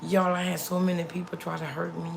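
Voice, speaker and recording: A woman's voice: fairly low pitch, little pitch movement, fairly quick, vocal fry, background noise. A middle-aged woman hosting a casual livestream, chatting to her viewers and repeating lines for emphasis, recorded on a phone. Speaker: livestream host.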